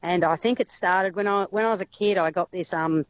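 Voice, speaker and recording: A woman's voice: fairly low pitch, a little fast. Woman guest, chatty wildlife carer, lots of ums, slightly muffled lo-fi sound. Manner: chatty, laughs often, many fillers. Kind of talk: radio interview.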